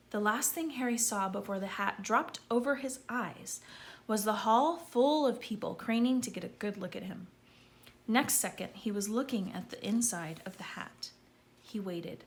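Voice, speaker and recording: A woman's voice: medium pitch, moderate pace, a little hiss or hum. A woman reading a children's story aloud, calling out names with gusto. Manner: lively, calling out names loudly. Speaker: audiobook reader.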